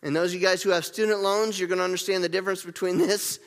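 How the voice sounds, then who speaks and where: A man preaching a sermon, lively and repetitive, leading the congregation in gestures and call-and-response. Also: high-pitched, fast, long reverb tail. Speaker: pastor.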